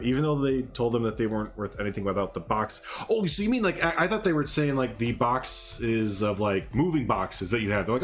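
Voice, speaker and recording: A man's voice: medium pitch, lively intonation, fairly quick, hardly any pauses. Chatty joking man on a game stream. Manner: joking, rambling, sarcastic. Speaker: livestream host. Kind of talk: casual gaming livestream chat.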